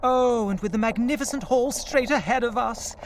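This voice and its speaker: A man's voice: very high-pitched, moderate pace, a little hiss or hum. An actor playing a pompous, posh, old-fashioned male presenter with a plummy, fussy manner in a radio comedy. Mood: prim.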